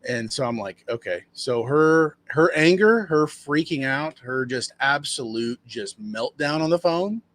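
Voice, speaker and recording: A man's voice: expressive, unhurried, hardly any pauses, fairly bright tone. A man running a dumpster rental business, telling a customer story in a rambling, casual way and acting out what people said. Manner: rambling, conversational, acts out quotes in a higher voice.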